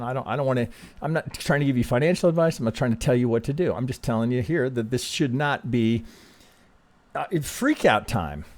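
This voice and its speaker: A man walks through market charts in an easy, conversational way. He sounds calm and reassuring, stumbling over and restarting his words, and keeps tagging his points with "right?". His voice sits at an ordinary middle pitch for a man. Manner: conversational, frequent restarts, ends thoughts with "right?". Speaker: trading analyst host. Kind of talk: casual chart analysis commentary.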